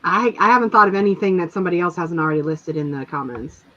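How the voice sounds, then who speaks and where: A woman's voice: lowish voice, lively intonation, quick pace, pushed and bright, a little hiss or hum. A woman in casual chat, rambling and filling her talk with "like", on a dull lo-fi recording. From rural area. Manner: rambling, chatty, lots of "like".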